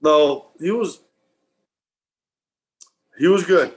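A man with a slightly high voice tells old football stories as a guest. He talks casually and playfully, acting out the voices of the people in his stories. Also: very slow. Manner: animated, acts out quotes and laughs. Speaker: former football punter, guest. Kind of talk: casual storytelling.

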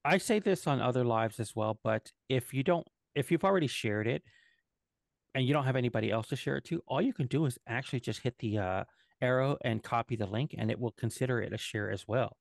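A man co-hosting a podcast live, talking casually with many halting restarts and fillers. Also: mid-range voice, creaky, no room sound, studio quality. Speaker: podcast co-host and editor. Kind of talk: casual live-stream chat.

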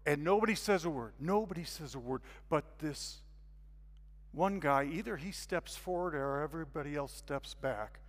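Animated male preacher in a reverberant hall. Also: on the high side, normal speed. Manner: animated, acts out scenes with sudden loud bursts. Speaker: guest speaker. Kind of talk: storytelling sermon.

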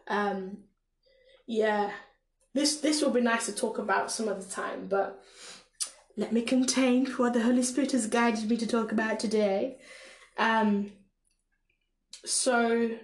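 A woman with a Caribbean accent teaches in a loose, unhurried way, reading a scripture passage and breaking off for little asides and fillers. Her voice sits a bit high, and the room around her is noticeably echoey. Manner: relaxed, with frequent fillers and self-asides. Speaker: podcast preacher.

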